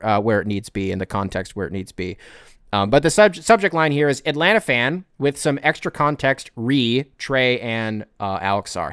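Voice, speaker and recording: A man's voice: mid-range voice, a bit bright, clean tone, dry recording, studio quality. A man hosting a sports podcast, ranting in a heated, rambling way, swearing and often restarting his sentences. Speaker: podcast host. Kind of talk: casual sports podcast rant.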